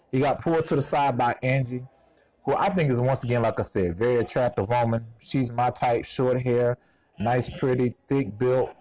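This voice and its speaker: A man's voice: medium pitch, darkish tone. Texas guy with a southern drawl, chatty and joking about himself, outside on a clip mic. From Houston, Texas. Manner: chatty, self-deprecating, hype-driven. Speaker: TV show reviewer. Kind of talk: casual video review. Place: outdoors at a golf course. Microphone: clip-on mic on shirt.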